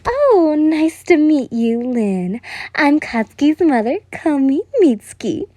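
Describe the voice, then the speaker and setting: A woman voicing a brash, loud, teasing middle-aged mother. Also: high voice, expressive, takes it slowly, no echo.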